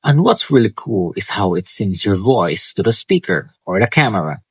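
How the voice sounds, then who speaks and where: A man's voice: lowish voice, sing-song, normal speed, noisy background. Upbeat young man vlogging about gadgets. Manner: enthusiastic, with small slips and restarts. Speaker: student vlogger. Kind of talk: casual tech vlog talk. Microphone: clip-on wireless mic.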